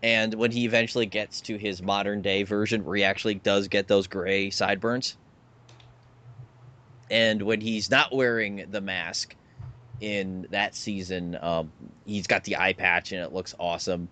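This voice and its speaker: A man's voice: lowish voice, fairly even intonation, unhurried, pushed and bright. A man co-hosting a casual podcast chat, animatedly explaining a show and pointing out pictures. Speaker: podcast co-host.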